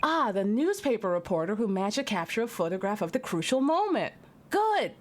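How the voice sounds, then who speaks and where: A woman's voice: medium pitch, sing-song, fairly quick, noisy background, close to an everyday voice. A woman reading a formal game judge.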